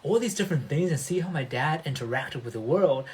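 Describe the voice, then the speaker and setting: Male coach, slightly high voice, emphatic and motivational, livestream host who keeps checking in with his audience. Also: animated, brisk, darkish tone.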